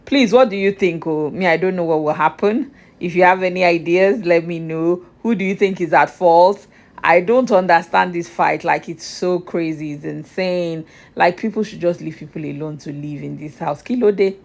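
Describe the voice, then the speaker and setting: A woman's voice: lowish voice, moderate pace, vocal fry. A young Nigerian woman vlogging a chatty, exasperated recap of a reality show straight to her viewers.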